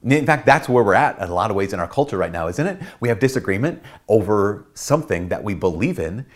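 A man with a fairly low voice teaches in a relaxed, chatty way, his pitch swinging widely as he gets animated. He repeats key points, laughs at himself, and slips into playful voices when quoting people. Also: fast. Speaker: priest and channel host. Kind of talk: casual teaching talk.

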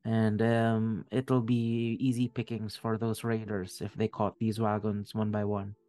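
A man's voice: on the low side, level tone, a little slow, mellow. A man narrating a tabletop fantasy game as game master, rambling with many restarts.

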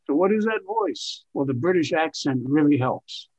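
An older man, a veteran TV writer, telling stories in an interview with expansive, emphatic, drawn-out phrasing. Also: fairly high pitch, expressive, a little mellow, muffled recording. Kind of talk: reflective interview storytelling.

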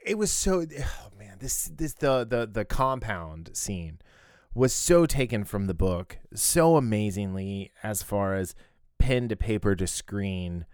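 Low-voiced man rambling on a podcast. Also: expressive, slow, a little mellow, no room sound, studio quality. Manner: rambling, many fillers and restarts, laughs often. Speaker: podcast co-host. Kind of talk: casual chat.

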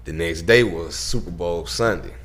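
A man telling animated, profane stories as an interview guest and acting out the people he quotes. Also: low-pitched, moderate pace, breathy edge. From Southern United States. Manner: profane, acts out quotes in voices. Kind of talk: animated storytelling.

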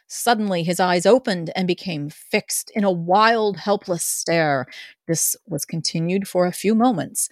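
A woman narrating a novel in a casual amateur group reading, expressive and playful. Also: fairly low pitch, a little slow, dry recording, clean studio sound.

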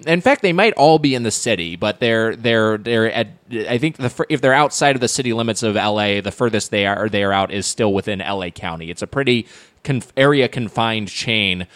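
A man's voice: medium pitch, a bit bright, no echo. A man hosting a comedy food podcast, joking around and steering the chat. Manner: playful, jokey. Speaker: podcast host. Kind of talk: casual chat.

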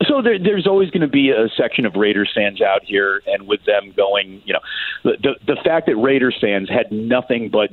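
A man's voice: fairly low pitch, animated, moderate pace, dry recording. A man calling into a sports radio show as a guest, giving blunt, opinionated analysis over a tinny phone line.

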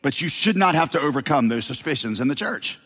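A man's voice: fairly high pitch, animated, a little fast, a bit bright, husky. A man pastor with a slight Southern American accent, preaching a sermon with joking asides to the congregation in a large church. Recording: long hall reverb.

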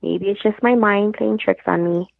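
A woman's voice: medium pitch, steady tone, normal speed, creaky. A woman guest on a phone call, earnestly telling her story and retelling the conversations along the way. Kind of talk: personal storytelling. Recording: tinny phone line, dry.

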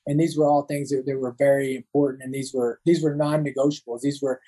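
A man's voice: mid-range voice, flat delivery, fast talker, mellow, rough recording. A man in his thirties, a Marine veteran, talking as a guest in an interview, often restarting and repeating words. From United States. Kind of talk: casual interview talk.

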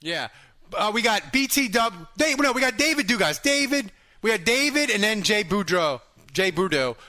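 Fan show host, man, lively high voice, bright tone, animated. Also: moderate pace. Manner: excitable, animated, laughs often. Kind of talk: casual sports chat.

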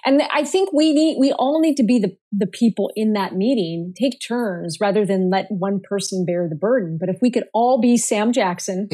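A woman guest on a marketing podcast, talking in an animated, playful way and laughing often. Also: medium pitch, normal speed, hardly any pauses. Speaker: guest, marketing speaker and author. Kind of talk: casual podcast interview.

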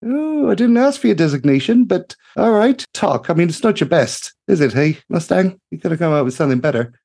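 Guy doing a bubbly gnome mechanic girl, high squeaky voice, really animated and gushing. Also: a little fast, gravelly, slightly rough, full character voice. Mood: chirpy.

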